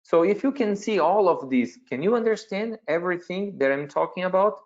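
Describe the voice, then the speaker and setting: A Brazilian man with a Portuguese accent presents his veterinary work to a webinar audience. He speaks haltingly, searching for words and putting questions to the listeners. His voice comes through a dull, lo-fi call line. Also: sits high, lively intonation. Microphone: computer mic on a video call.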